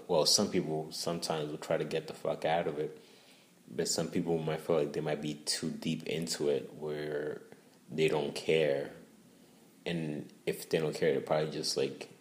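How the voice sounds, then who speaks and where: Very deep flat-voiced New man. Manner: profane, meandering, laid-back. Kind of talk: rambling casual monologue.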